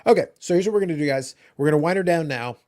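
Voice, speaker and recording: A man hosting a casual podcast chat, teasing his guests with a quick, wry delivery. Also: a little high, darkish tone. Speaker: podcast host.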